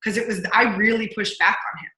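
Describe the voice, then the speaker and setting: A woman guest coach telling stories in an interview, energetic and punchy, acting out her own inner voice. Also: mid-range voice, brisk, roomy sound, low-quality recording. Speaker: podcast guest, accountability coach. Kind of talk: candid interview storytelling.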